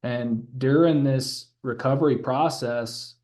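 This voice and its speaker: Slow, halting young male interviewer. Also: mid-range voice, darkish tone. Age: young adult. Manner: halting, repeats words while forming questions. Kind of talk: interview questions.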